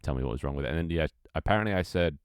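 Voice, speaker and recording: Live-streaming from Britain, this young man with a British accent reads out chat messages, cracks jokes, swears and laughs a lot. His rumbling low voice is expressive and rapid-fire, with a clear, resonant tone. The recording is dry and studio quality.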